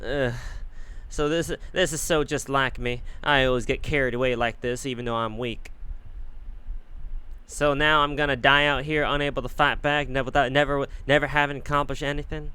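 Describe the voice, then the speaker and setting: A man voicing a young female fairy knight who is weak and self-doubting, in a strained high voice while reading a game aloud. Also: fairly even intonation, normal speed, bright, forceful tone, smooth, lightly acted. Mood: despairing. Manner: frantic, self-pitying.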